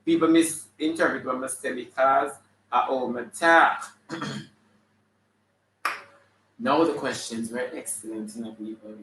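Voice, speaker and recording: A man with a Jamaican accent playing a flamboyant, sassy female character full of attitude, hosting a live stream and shouting out viewers' names. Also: mid-range voice, unhurried, long pauses, a little hiss or hum, natural voice. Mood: gossipy. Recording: echoey room, mic at a distance.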